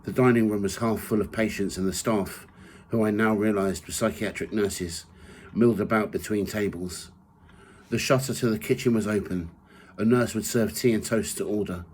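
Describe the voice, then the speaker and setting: A man's voice: lowish voice, slight background noise, low-quality recording. Man reading his memoir aloud. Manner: measured reading, rising loud for quoted shouts. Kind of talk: first-person memoir reading.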